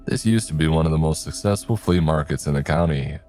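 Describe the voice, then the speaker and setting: A man's voice: rumbling low, fairly quick, a little mellow, soft background music. A man voicing a folksy older male client who talks in easygoing country phrases.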